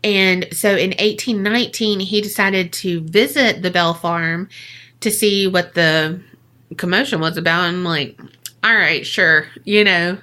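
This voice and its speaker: A woman chats through a spooky tale on a podcast in a bright, forward voice. She takes her time, peppers the story with profanity and jokes, and leaps up in pitch when she plays the people in it. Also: steady tone, unhurried. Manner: chatty, profane, jokey asides; acts out quoted voices with big pitch jumps. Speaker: podcast co-host. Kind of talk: casual storytelling.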